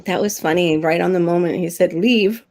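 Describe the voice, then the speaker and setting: Brisk and lowish in voice, the same kind of middle-aged livestream co-host chats loosely, wandering into rambling tangents and laughing a lot.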